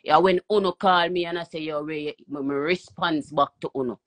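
A man's voice: fairly high pitch, steady tone, moderate pace, a bit bright. Cursing Jamaican man on a live stream. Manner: cursing, emphatic, repetitive. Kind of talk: heated live-stream rant. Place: home, phone live stream. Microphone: phone.

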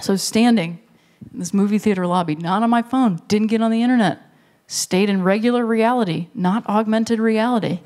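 A stand-up comic in their thirties telling a long story on a live stage, briefly acting out the people in it with quick voices. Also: mid-range voice, a little mellow. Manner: storytelling, acts out characters in quick bursts. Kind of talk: stand-up comedy set. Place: live stage before an audience. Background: audience laughter.

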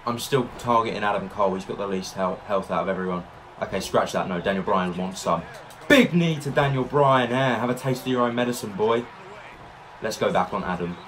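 Excitable man doing game commentary. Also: on the low side, fairly quick. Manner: excitable, narrates every move and reacts loudly. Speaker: gaming YouTuber. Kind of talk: let's-play commentary.

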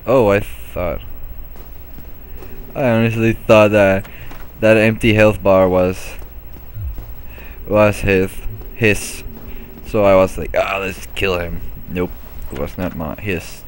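A man's voice: fairly low pitch, fairly even intonation, takes it slowly, pauses often, smooth. A man giving casual let's-play commentary on his own gameplay, laughing often and swearing freely. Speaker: gameplay video host.

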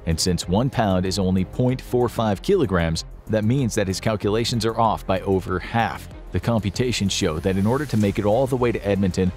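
A man giving scripted narration of a dramatic story in a steady, storytelling manner. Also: fairly low pitch, brisk, few pauses, soft background music.

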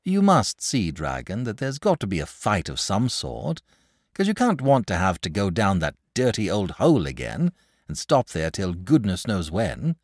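A man's voice: fairly low pitch, huge pitch swings, moderate pace, no echo, clean studio sound, voice pushed up, heavily acted. A man voicing an eager, blunt little boy in a storybook reading. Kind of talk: audiobook character voice.

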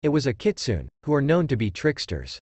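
A man's voice: mid-range voice, wildly swooping pitch, a little fast, a little mellow, breathy edge, no room sound. A man voicing a stern elderly male village leader who speaks in a guarded, probing way. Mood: suspicious.

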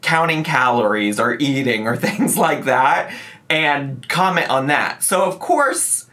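A man's voice: mid-range voice, expressive, slow, bright, forceful tone. Guy rambling through a reaction vid, laughs a lot, says like and right constantly. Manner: chatty, rambling, laughs often, many "like" and "right?". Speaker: commentary YouTuber. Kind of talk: casual reaction commentary.

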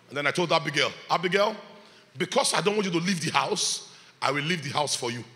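A man preaching a sermon, his voice high and bright with a forceful edge. He swings from loud shouts to hushed asides with a very lively pitch. The sound carries a long hall reverb. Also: moderate pace. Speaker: pastor. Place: church hall.

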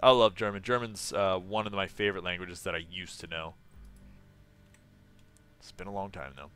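A man's voice: low-pitched, steady tone, normal speed, a bit bright, clean tone. A young man chatting casually on a live game stream, laughing often and reading viewers' messages aloud.

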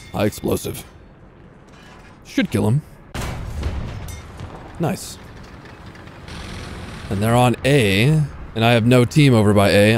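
A creaky, fairly low-pitched voice belongs to a young gaming YouTuber narrating his tank game live. His commentary is casual and self-mocking, full of swearing and self-talk, while faint in-game gunfire and vehicle sounds play in the background.

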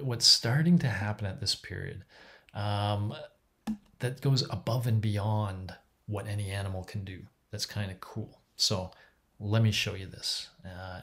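A man's voice: lowish voice, steady tone, a little slow, fairly bright tone. A man giving a university psychology lecture in a chatty, enthusiastic way, with many fillers and restarts.

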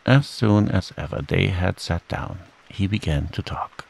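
A man reading a bedtime story aloud in a calm, soothing way and gently voicing the characters. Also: low-pitched, a little slow, vocal fry, breathy edge. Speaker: audiobook narrator. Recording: steady rain sound behind the voice. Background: rain.

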